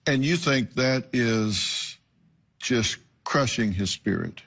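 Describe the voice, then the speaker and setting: A man's voice: mid-range voice, lively intonation, slow pace, creaky, a bit bright, breathy edge. A man hosting a talk show, questioning guests in a direct, probing way.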